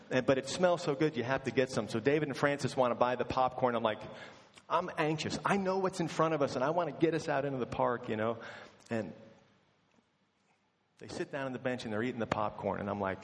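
A man preaching a sermon, telling a personal story and acting out the people in it. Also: medium pitch. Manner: storytelling, animated in quoted asides. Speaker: pastor. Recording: long reverb of a large hall.

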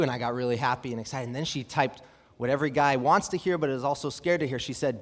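Animated young preacher in an echoing hall. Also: male voice, mid-range voice, fast. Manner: animated, asks rhetorical questions, reads scripture aloud. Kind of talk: sermon with personal storytelling. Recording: long hall reverb.

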